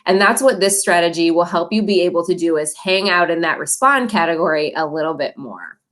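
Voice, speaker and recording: A woman's voice: lowish voice, expressive, brisk, a bit bright. A middle-aged woman presenting a parent training, friendly and encouraging, with light laughs between points.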